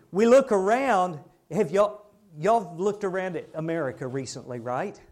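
A man's voice: on the high side, darkish tone. A man preaching a sermon in a conversational way, firing rhetorical questions at the congregation.

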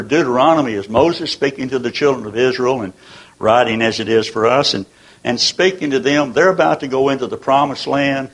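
An older man delivers a sermon in a husky, slightly rough voice. He talks in a folksy, earnest way, piling up rhetorical questions and restarting his phrases as he goes. His pitch sits in the middle range for a man. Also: rough recording. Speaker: preacher.

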